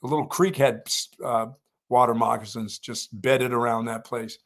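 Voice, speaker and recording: A man's voice: medium pitch, little pitch movement, normal speed, a bit bright. An older man from North Carolina co-hosting a sports show, telling a long story in casual chat and raising his voice for the quoted lines.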